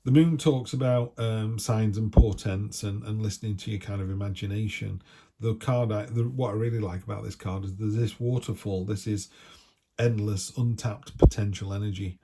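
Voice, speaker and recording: A man's voice: on the low side, fairly even intonation, moderate pace, warm tone. A man giving a casual, chatty tarot reading with jokey asides, from the United Kingdom. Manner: chatty, jokey, acts out little voices. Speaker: tarot reader.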